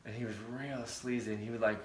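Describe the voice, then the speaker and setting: A man's voice: medium pitch, steady tone, quick pace, reverberant. A middle-aged man co-hosting a couples quiz game, joking and boastful, reading out the questions. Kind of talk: casual chat.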